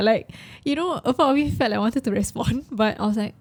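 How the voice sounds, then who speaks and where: A woman's voice: fairly high pitch, a little fast, a little mellow. A young Singaporean woman co-hosting a casual chat, talking in an emotional, chatty way and mixing in Malay words. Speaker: podcast co-host.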